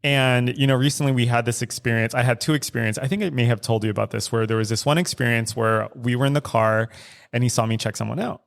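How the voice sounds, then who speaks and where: A man's voice: medium pitch, quick pace, gravelly. Candid man telling a story, swearing. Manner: animated storyteller acting out quoted dialogue, frequent "like" and swearing. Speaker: podcast co-host. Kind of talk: candid casual chat. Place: studio recording.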